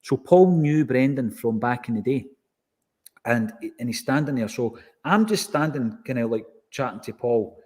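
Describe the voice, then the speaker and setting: A man's voice: medium pitch, normal speed, breathy edge. A man with a Scottish accent telling a story in casual podcast chat, acting out the exchanges he quotes. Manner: animated anecdotal, acts out quoted exchanges.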